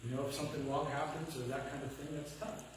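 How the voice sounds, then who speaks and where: A man with a Midwestern American accent preaches a sermon from the pulpit, telling a personal story and voicing each person in it. His voice sits a little high for a man, and it gets soft and low when the story turns tense. The sound carries through a reverberant church and is picked up from some distance. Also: fast talker, background noise. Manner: animated storytelling, acting out quotes, dropping to a hush. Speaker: pastor. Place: church sanctuary.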